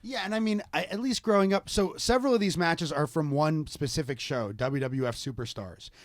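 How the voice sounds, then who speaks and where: A man's voice: fairly high pitch, fairly quick, no room sound, studio quality. A man co-hosting a wrestling podcast in casual chat, rambling with many fillers and restarts. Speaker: podcast co-host.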